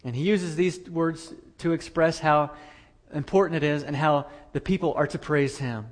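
A man's voice: on the high side, normal speed. A man preaching a sermon as pastor, earnest, repeating phrases for emphasis.

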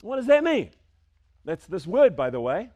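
A man with a high voice delivers a lively sermon in a church sanctuary. He swings from booming calls to quiet asides, pushing his congregation along. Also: moderate pace, lo-fi sound. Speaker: pastor.

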